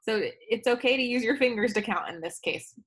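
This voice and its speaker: A woman teacher explaining poetry to her students in a relaxed, chatty way, correcting herself as she goes. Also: fairly high pitch, a little fast. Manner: chatty, self-correcting, laughs at own slips. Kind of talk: recorded classroom lesson.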